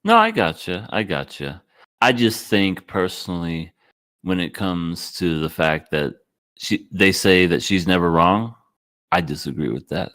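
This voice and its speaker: A man co-hosting a podcast in casual chat, pushing back on the others with wry, deadpan remarks. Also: low voice, unhurried. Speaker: podcast co-host.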